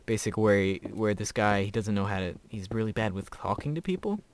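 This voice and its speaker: A teenage boy with a lowish voice chats his way through gameplay, rambling from one thought to the next and laughing often. Faint keyboard clicks and typing sit quietly behind him. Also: lively intonation, a little fast, a little hiss or hum. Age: teens. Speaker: gamer. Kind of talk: casual gameplay commentary.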